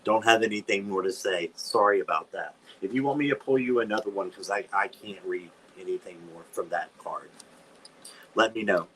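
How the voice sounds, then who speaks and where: A man's voice: lowish voice, moderate pace, fairly bright tone, a little hiss or hum. Chatty male tarot reader, live stream. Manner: chatty, dramatic squeals of disgust. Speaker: tarot reader, channel host. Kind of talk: live-stream card reading.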